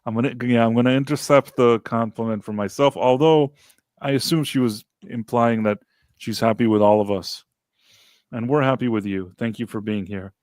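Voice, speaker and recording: A relaxed man hosts a casual livestream chat and thanks his viewers by name. His voice sits at an ordinary middle pitch. The recording is dry and close, with no room sound. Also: normal speed, dry recording. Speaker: podcast host.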